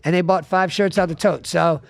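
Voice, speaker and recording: A man hosting a casual podcast, telling animated stories and swearing freely. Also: sits high, normal speed, vocal fry, a little hiss or hum. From South Florida. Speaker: podcast host.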